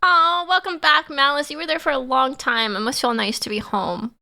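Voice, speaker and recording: A woman's voice: high voice, fairly even intonation, moderate pace, creaky, sharp tone. A young woman streaming, chatting casually and reading her chat aloud in a bubbly, giggly way.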